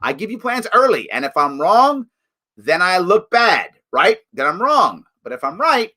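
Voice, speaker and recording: A man hosting his own political commentary livestream, talking in a sarcastic, animated, mocking way. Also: high-pitched, normal speed. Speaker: show host.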